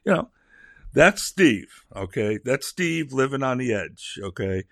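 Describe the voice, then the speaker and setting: A man's voice: medium pitch, expressive, a little slow, gravelly, fairly bright tone, no room sound, clean studio sound. An older man telling a rambling personal story, chatty and digressive, full of fillers and restarts, acting out voices for comic effect.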